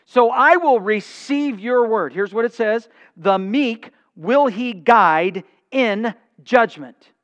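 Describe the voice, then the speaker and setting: High-voiced man preaching a sermon. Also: expressive, fairly bright tone, lo-fi sound. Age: older. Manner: emphatic preaching with dramatic pauses and acted-out dialogue. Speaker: pastor.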